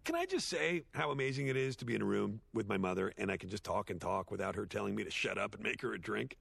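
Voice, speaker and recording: A washed-up cartoon horse with a gravelly, husky low voice. His pitch swings widely as he rambles through sardonic, self-deprecating jokes, recorded close and dry. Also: very animated, fast talker, fairly bright tone, dry recording, full character voice. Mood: awkward. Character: washed-up male horse sitcom star, sardonic, self-loathing. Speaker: eulogy speaker. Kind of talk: animated series dialogue, comic monologue.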